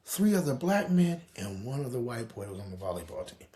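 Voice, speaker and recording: Brief: male podcast host, casual storytelling monologue, swings pitch widely, profane and dramatic. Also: very animated, brisk, hardly any pauses, warm tone.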